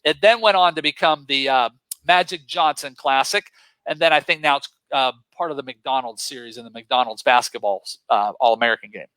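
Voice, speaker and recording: A man from western Pennsylvania, a guest motivational speaker, telling stories with excitable, punchy emphasis. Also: mid-range voice, a little fast, clean tone, no echo, low-quality recording. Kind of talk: energetic storytelling.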